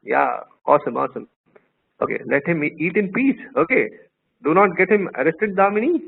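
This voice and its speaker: A man's voice: a little high, animated, fairly quick, creaky. A man teaching a law class online, telling playful stories and quizzing his students. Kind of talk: live online class lecture. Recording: tinny phone-like line, faint noise.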